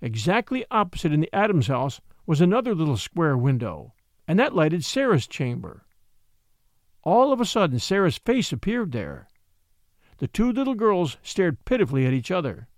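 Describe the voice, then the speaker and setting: A man narrating a classic short story, reading in an expressive, measured way. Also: fairly high pitch, no room sound, studio quality. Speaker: narrator and podcast host.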